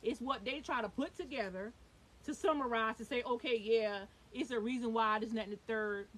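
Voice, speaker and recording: A young woman vlogging about her own life, talking fast and emphatically and swearing when upset. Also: on the high side, fairly bright tone, low-quality recording. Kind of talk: heated personal storytelling. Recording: faint hiss.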